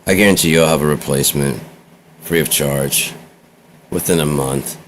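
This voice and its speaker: A man's voice: very deep voice, steady tone, normal speed, a little hiss or hum. A man vlogging in a rambling, offhand monologue, swearing casually.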